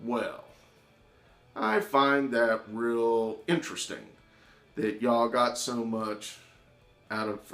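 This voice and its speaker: A man doing a mean Texan drawling professor. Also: mid-range voice. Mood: drawling, cold. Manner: laconic, mean drawl that flares into shouting. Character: older male Texan drama professor, gruff and cutting. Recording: echoey room.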